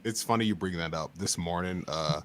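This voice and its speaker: A man with a very deep voice chats offhand on a stream. He hesitates and fills his sentences with fillers. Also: fairly quick. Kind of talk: casual chat.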